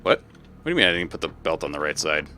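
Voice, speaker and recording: A man streaming a game, chatting casually with friends while he plays, swearing freely and easily excited. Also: very deep voice, slight background noise. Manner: profane, excitable, quick to swear and laugh. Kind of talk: casual gaming stream chat.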